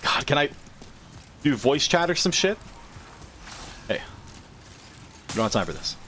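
A man's voice: a little high, big pitch swings, unhurried, sharp tone, slight background noise. A man giving casual gameplay commentary as a streamer, joking and swearing freely. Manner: profane, joking trash talk. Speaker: gaming streamer.

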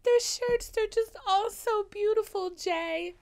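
A woman's voice: extremely high pitch, slow, creaky, darkish tone, voice pushed up, exaggerated voice. A woman putting on a weepy, swooning society belle. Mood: tearful swoon. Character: swooning young society woman weeping over shirts.

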